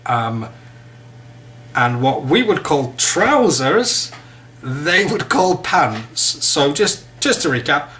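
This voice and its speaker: Bright-voiced English man teaching. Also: a little high, sing-song, takes it slowly, a little hiss or hum. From England. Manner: chatty, joking asides. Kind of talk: casual vocabulary lesson.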